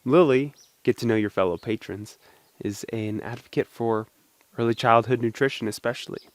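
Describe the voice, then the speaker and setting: A man's voice: mid-range voice, moderate pace, dry recording. A young man hosting a casual video, talking playfully and chatting to his supporters. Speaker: video host. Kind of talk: casual talk to camera.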